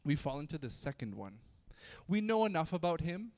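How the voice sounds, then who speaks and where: A man preaching to a youth group in a loose, joking way, often stumbling and restarting his sentences. His voice sits a bit higher than usual for a man. The sound carries a long reverb, as in a big church hall. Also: big pitch swings, a little fast, darkish tone. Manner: chatty, joking, frequent restarts and stammers. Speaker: youth pastor. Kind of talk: casual youth sermon.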